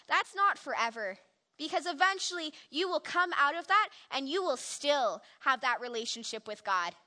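A woman's voice: sits high, bright, forceful tone. A young woman giving an earnest, reflective personal testimony in the style of a sermon. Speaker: speaker giving a devotional.

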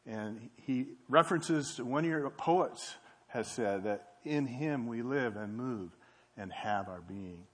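A man's voice: mid-range voice, breathy edge. An earnest man addresses a church congregation. His voice sits in a middle range, and his delivery is loose, full of fillers and restarted phrases. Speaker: campus ministry speaker. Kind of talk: church talk.

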